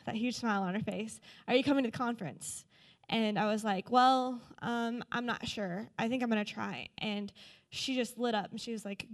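A young woman telling a personal testimony to a church group, earnest and full of fillers. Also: medium pitch. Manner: earnest storytelling, many fillers. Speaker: church member sharing a testimony.

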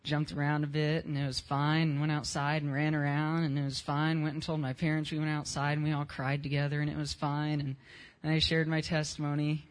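A man's voice: fairly high pitch, monotone, brisk. A young man in his teens giving a casual spoken testimony at a church service, telling his story in plain, unpolished words with some slang.

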